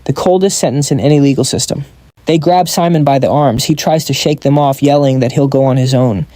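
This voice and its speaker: A man's voice: medium pitch, fairly quick, warm tone, no echo. A man narrating a comic story recap in a scripted style, dropping wry joking asides.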